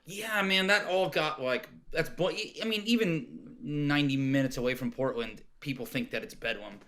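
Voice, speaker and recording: A middle-aged man chats casually as a guest on a podcast from a home in Oregon, rambling with lots of restarts and fillers. His voice is fairly high, moderately paced, and fairly bright.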